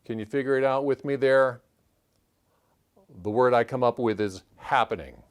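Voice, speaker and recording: A man talks through a word puzzle, thinking aloud in a calm, measured way. He calls out letters and clue numbers one by one as he solves along with the listener. His voice sits at an ordinary middle pitch for a man. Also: smooth. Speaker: puzzle-solving channel host.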